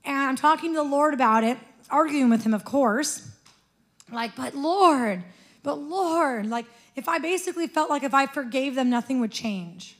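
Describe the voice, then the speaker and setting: A woman with a high voice delivers a sermon in a church. She tells her story with lively feeling and often breaks into laughter as she speaks. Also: normal speed. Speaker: preacher.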